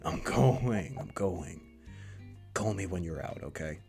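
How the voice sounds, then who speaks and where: Deep gravelly deadpan young man, a man playing him. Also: slow, faint music behind, full character voice. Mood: teasing. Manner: dry, deadpan teasing. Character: calm teasing young deliveryman. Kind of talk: visual novel voice reading.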